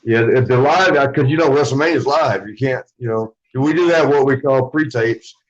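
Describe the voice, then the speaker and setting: A former wrestler as an interview guest, telling stories casually in a rambling way, swearing freely and acting out what others said. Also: male voice, mid-range voice, moderate pace, highs cut off. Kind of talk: casual storytelling.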